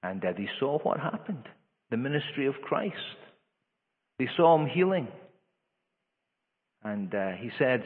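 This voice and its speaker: A male preacher delivers a sermon with earnest force. His voice climbs in pitch and volume when he stresses a point, and he often restarts his phrases. The sound is tinny, like a phone line, with a long echo from a large hall. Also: big pitch swings, measured pace, long pauses.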